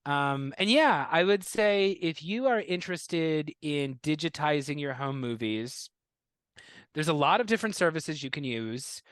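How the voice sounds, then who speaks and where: An animated man tells stories in a fairly high voice, slipping into quoted voices of relatives and laughing at his own tales. The sound is close and dry, with no room around it. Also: unhurried, smooth, no echo. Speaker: comedian and guest. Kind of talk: casual interview chat.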